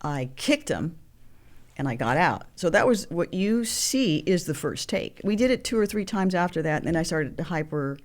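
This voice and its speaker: A woman in her sixties, a guest actress, telling animated stories and acting out the voices of people in them. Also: on the low side, normal speed. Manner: animated storyteller, acts out quoted voices. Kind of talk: storytelling interview.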